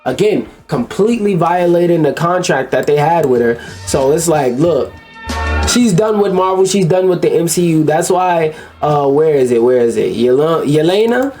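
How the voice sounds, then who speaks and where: A man's voice: fairly high pitch, animated, moderate pace, a little mellow, soft background music. A man giving casual, crude reaction commentary, rambling and stumbling over names as he reads through a list. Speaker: commentary YouTuber.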